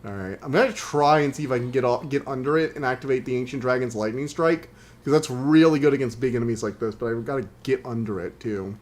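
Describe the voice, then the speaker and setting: A man talking through his own game stream in an easygoing, wry way. His voice sits at an ordinary middle pitch. He rambles on through his plans and breaks into exasperated outbursts when the game surprises him. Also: fast talker. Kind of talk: gaming stream commentary.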